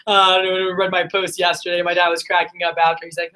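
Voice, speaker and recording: A woman's voice: lowish voice, flat delivery, fairly quick, few pauses, sharp tone. A woman in her thirties telling a personal story in a casual, rambling monologue full of fillers. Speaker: vlogger.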